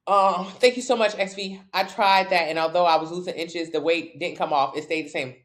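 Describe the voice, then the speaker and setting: A woman's voice: lowish voice, brisk. A woman fitness coach, answering viewers' questions on a casual livestream in a blunt, brash, jokey way.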